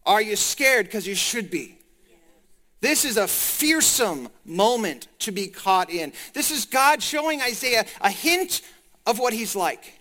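Bright, high-voiced male preacher. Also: measured pace. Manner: animated, talks to the congregation directly. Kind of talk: sermon.

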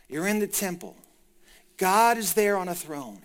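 A male preacher delivering a sermon in a high, bright voice. He is animated and keeps asking the congregation questions as he explains the scripture. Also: measured pace. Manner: animated, talks to the congregation directly.

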